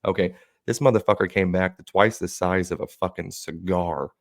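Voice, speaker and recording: A man's voice: deep voice, steady tone, moderate pace, gravelly, dry recording, clean studio sound. A man co-hosting a podcast, telling a long rambling, profane bar story and acting out what others said. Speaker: podcast co-host. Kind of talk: casual storytelling chat.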